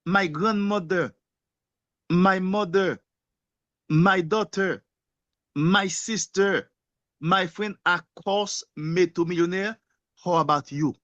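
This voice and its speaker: A man giving a rousing motivational sales pitch in non-native English, firing off rhetorical questions and answering them himself. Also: slow pace, pauses often, a bit bright, no echo. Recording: dull lo-fi sound.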